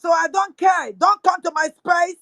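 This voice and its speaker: A woman's voice: extremely high pitch, steady tone, moderate pace, fairly bright tone, no room sound, rough recording. A woman with a Nigerian accent mixing in pidgin, angrily accusing someone in a live audio room. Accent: Nigerian English with pidgin. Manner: angry, accusing, repetitive. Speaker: speaker on a live audio space.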